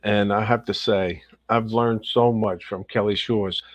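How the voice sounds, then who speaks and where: A man's voice: fairly low pitch, unhurried, dry recording. A man hosting a casual livestream, upbeat and chatty, greeting viewers one by one. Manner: upbeat, greets viewers by name in a lively rising voice. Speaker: livestream host. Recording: dull, slightly lo-fi dry sound.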